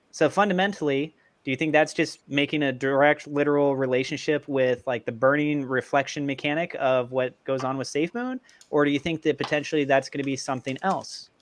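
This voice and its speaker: A man's voice: fairly high pitch, dry recording. Joking man hosting a casual panel. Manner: animated, joking, asks questions. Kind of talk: casual live-stream discussion.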